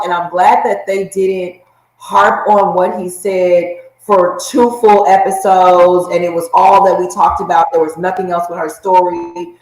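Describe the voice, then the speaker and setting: Woman co-host in a roomy space. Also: fairly low pitch. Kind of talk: casual chat, TV recap.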